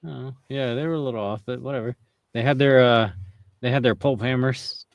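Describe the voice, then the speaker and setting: A man's voice: mid-range voice, fairly even intonation, fairly quick, no echo, lo-fi sound. A man co-hosting a casual comedic TV recap chat, joking and slipping into silly voices. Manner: jokey, slips into put-on silly voices. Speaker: podcast co-host.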